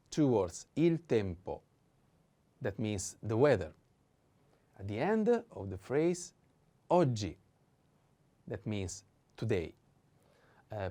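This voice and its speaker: A man's voice: mid-range voice, mellow. A man with an Italian accent teaching a language lesson, patiently repeating words with careful stress.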